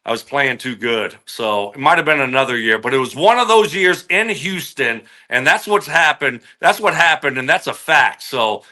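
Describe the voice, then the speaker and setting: A man's voice: medium pitch, animated, normal speed, few pauses, bright, forceful tone. A man in his forties, a former wide receiver and podcast guest, telling a story casually and animatedly, his voice jumping up when he replays his own outbursts.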